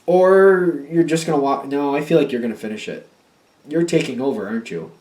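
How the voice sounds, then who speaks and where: A man's voice: fairly high pitch, fairly quick, a little mellow, echoey room, distant mic. A man giving a casual tarot reading, thinking aloud and chatty, with many fillers. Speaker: tarot reader.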